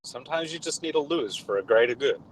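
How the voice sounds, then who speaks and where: A man's voice: mid-range voice, lively intonation, fast, slight background noise, poor audio. A man in a casual online voice chat, amused and teasing. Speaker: participant in voice chat.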